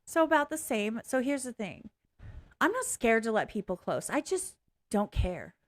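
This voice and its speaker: A woman's voice: a little high, very animated, normal speed. Blunt, rambling woman vlogger. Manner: blunt, frank, swears freely; rambling, self-interrupting. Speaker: reaction video host. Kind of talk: casual personal commentary.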